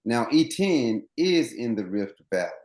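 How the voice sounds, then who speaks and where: A man's voice: mid-range voice, sing-song, a little slow, darkish tone, reverberant. A man running coach, interviewed as a guest on a podcast, explaining things earnestly at length with many restarts.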